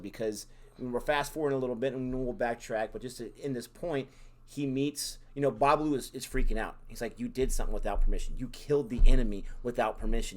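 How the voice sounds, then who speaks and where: A man co-hosting a casual review chat, recapping scenes in a measured way and acting out quotes. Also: medium pitch. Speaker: co-host reviewing a series.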